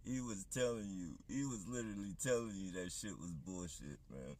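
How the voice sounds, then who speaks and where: A man's voice: fairly low pitch, normal speed, darkish tone. A man on a livestream, ranting in a heated, profane, rambling monologue. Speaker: livestream host.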